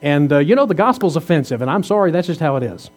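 Here a man in his fifties preaches quickly, his voice on the high side and sing-song. His sermon feels conversational, full of rhetorical questions and teasing jokes aimed at the congregation.

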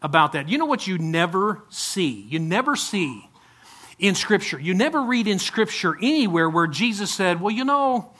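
A man's voice: high-pitched, big pitch swings, normal speed, fairly bright tone. A male pastor preaching a conversational sermon, often asking the congregation direct questions.

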